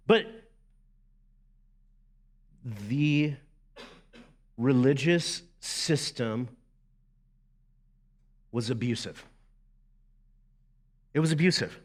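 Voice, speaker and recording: A middle-aged man, a lead pastor preaching a sermon in a lively, conversational way with asides to the congregation. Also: high-pitched, takes it slowly, long pauses.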